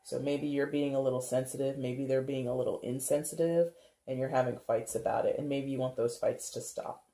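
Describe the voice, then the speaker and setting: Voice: medium pitch, steady tone, fairly quick, mellow. A tarot reader giving a casual reading, chatty and thinking aloud, with frequent laughs. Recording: roomy echo.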